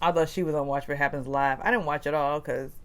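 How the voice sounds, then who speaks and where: A woman's voice: low-pitched, steady tone, quick pace, a bit bright. A woman hosting a casual reality TV recap with a chatty, gossipy manner. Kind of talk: casual commentary.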